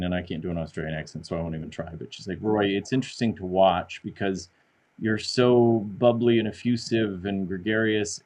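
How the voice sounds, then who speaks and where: A middle-aged man guests on a podcast, his voice sitting a little low. He talks in a lively, self-deprecating way, rushing through his stories. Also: poor audio. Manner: animated, self-deprecating storyteller. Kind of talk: casual conversation.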